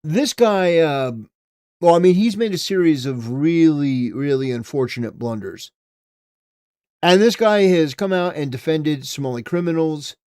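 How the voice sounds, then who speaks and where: Man, commentary host, casual rambling delivery, stammers, fairly high voice, dry close mic. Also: expressive, a little slow, a little mellow, clear, resonant tone, no room sound. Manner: rambling, stammering restarts, swings between mumbling and emphatic. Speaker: political commentary livestream host.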